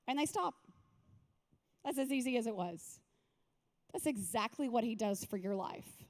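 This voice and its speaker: Woman pastor, high bright voice, lively and joking, speaks to a retreat crowd like friends. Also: normal speed, long pauses. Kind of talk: sermon at a women's retreat.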